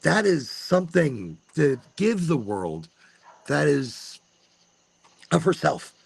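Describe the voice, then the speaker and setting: A podcast host in his forties talks slowly in a high-leaning, gravelly voice with a breathy edge. His casual monologue is animated and full of swearing as he acts out the things he tells himself in the mirror.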